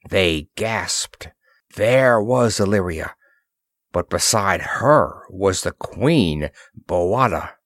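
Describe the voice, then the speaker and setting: A man reading a story aloud as narrator, with expressive storytelling. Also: medium pitch, no room sound, studio quality. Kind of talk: reading a pulp science-fiction story aloud.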